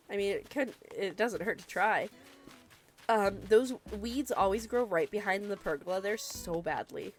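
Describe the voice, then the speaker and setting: A woman's voice: mid-range voice, lively intonation, measured pace, faint music behind. A young woman with the hiccups, chatting casually and laughing often while streaming a video game. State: has the hiccups. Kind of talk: casual gameplay chat.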